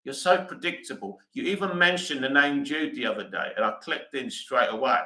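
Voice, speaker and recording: A man's voice: medium pitch, fairly quick, sharp tone, roomy sound, poor audio. A British man hosting a live stream, reading comments aloud and answering them bluntly in casual chat.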